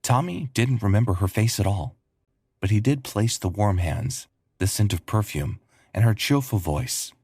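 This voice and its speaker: A man with a husky voice narrating a scripted story. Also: on the low side, animated, normal speed, a little mellow, no room sound, clean studio sound.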